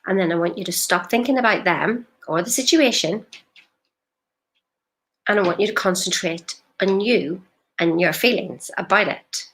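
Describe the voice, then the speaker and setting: A woman's voice: medium pitch, normal speed, fairly bright tone. A woman, a life coach talking directly to a live-stream audience in an emphatic, questioning way.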